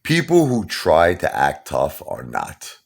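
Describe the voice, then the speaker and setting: A channel host from Brooklyn, New York, with a Brooklyn accent, tells a street story in a casual monologue, talking tough and asking "okay?" and "you understand?" over and over. His low-pitched voice has vocal fry, huge pitch swings and a slow pace.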